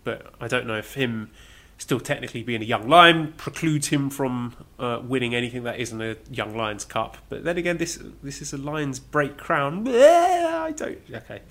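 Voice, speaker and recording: A man co-hosting a casual podcast chat, measured and dry in his humor. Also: medium pitch, bright, forceful tone. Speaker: podcast co-host.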